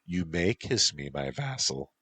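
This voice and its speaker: A man's voice: deep voice, big pitch swings, a little slow, bright, forceful tone, slight background noise, exaggerated voice. A man voicing an imperious female yokai mistress who commands her servant. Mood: regal.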